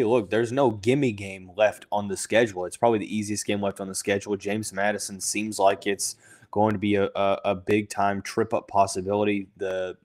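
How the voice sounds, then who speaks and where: Casual man talking sports, filler-heavy. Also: lowish voice. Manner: thinking aloud with many fillers and restarts. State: has the hiccups. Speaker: podcast host.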